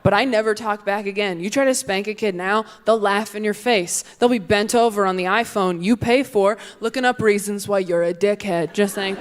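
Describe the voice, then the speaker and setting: A young woman in her twenties performing a stand-up routine in a quick, deadpan way on a stage mic, with her voice jumping high for the lines she acts out. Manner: quick deadpan delivery, high-pitched voice for acted quotes. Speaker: stand-up comedian. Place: comedy stage before a live audience. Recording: noisy live room with audience.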